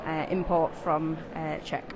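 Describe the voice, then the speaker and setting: A woman's voice: low-pitched, level tone, a little slow, a crowd in the background. A woman with a Sheffield accent, commenting from the ringside and reading out dog numbers and owners' names in a casual way. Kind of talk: live dog show commentary.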